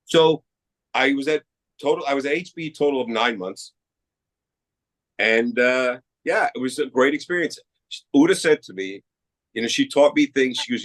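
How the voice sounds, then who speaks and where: A middle-aged actor from Queens, New York, talks casually as a guest on a podcast, an animated storyteller who acts out the quoted dialogue in his anecdotes. His voice is medium-pitched at a moderate pace with frequent pauses, and the recording quality is poor.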